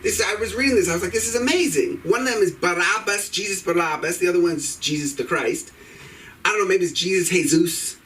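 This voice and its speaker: A man with a high, bright voice doing a rambling, irreverent stand-up routine full of profanity. He sounds set back from the microphone, with a faint hum of room ambience behind him. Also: fairly quick, distant mic, rough recording. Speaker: stand-up comedian. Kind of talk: open mic stand-up set. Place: comedy club stage.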